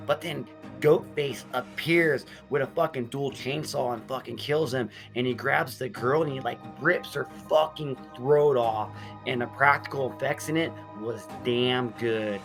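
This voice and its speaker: A man recaps a gory horror movie scene by scene in a blunt, swearing storytelling style. His voice sits in an ordinary middle pitch, and background music plays clearly behind him. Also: moderate pace.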